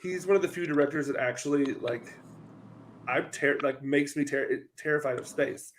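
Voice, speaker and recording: A man's voice: a little high, normal speed, a little hiss or hum, rough recording. A man sharing thoughtful opinions on a podcast, hesitating and restarting as he goes. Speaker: podcast co-host. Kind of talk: casual chat.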